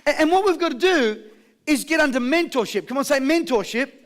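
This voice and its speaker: A man's voice: extremely high pitch, fairly quick. A man giving a live motivational seminar, drawing call and response from his audience and telling jokey stories. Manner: energetic call-and-response with the crowd; jokey storytelling. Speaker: motivational speaker.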